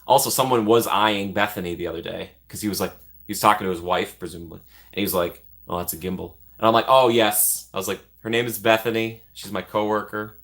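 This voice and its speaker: Rambling, chuckling bright-voiced man. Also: fairly low pitch, fairly even intonation, quick pace. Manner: rambling, self-deprecating, laughs often. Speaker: vlogger. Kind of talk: casual chat.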